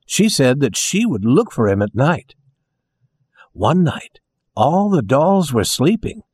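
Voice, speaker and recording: A man narrating a children's storybook in a slow, gentle, expressive way. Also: a little high, slightly rough, dry recording, clean studio sound.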